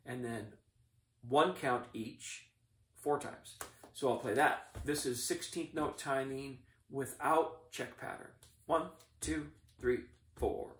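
A middle-aged man teaching drumline warm-ups, explaining each exercise in a methodical, encouraging coaching manner. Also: fairly high pitch, a little hiss or hum. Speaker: drumline instructor. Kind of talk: instructional demonstration. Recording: echoey room, mic at a distance.

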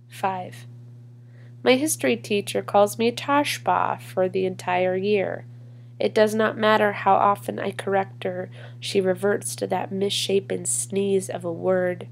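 A woman performing a spoken word poem in a measured, deliberate way with long pauses. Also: medium pitch, creaky, darkish tone, slight background noise. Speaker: poetry reader. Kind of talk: spoken word poetry reading.

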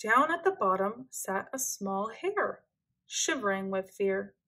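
A woman reading a children's picture book aloud in a gentle, expressive storytelling manner. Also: mid-range voice, slow pace, breathy edge.

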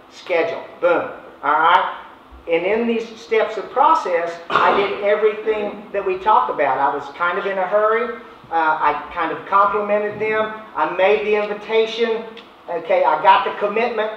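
A man's voice: high voice, moderate pace, slight background noise. Folksy male sales trainer, casual delivery, dull lo-fi room sound. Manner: folksy, conversational, acts out phone chats. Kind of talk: informal training talk. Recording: echoey, distant, dull room recording.

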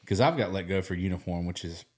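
A man's voice: deep voice, fast. A man hosting a casual podcast chat, joking, laughing often and acting out the people he talks about. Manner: joking, laughs often, acts out quoted voices. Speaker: podcast host.

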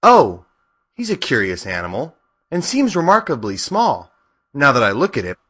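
A man voicing a big, timid male lion in an audiobook, speaking in a plaintive, high, loud voice. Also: huge pitch swings, moderate pace, husky, heavily acted. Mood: sad. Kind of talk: audiobook character voice.

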